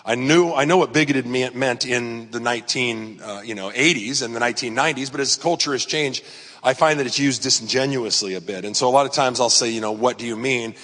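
A man's voice: medium pitch, a little fast, fairly bright tone. Rambling middle-aged man preaching in an echoing hall. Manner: rambling, storytelling, frequent fillers and restarts. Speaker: pastor. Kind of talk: conversational sermon. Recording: long hall reverb.

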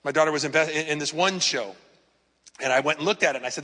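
A man in his fifties preaches in a large church, his voice a touch high and bright. He talks to the room like a friend, leaning on stories and rhetorical questions. The sound rings with a long hall reverb. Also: fast talker. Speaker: pastor. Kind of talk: conversational sermon.

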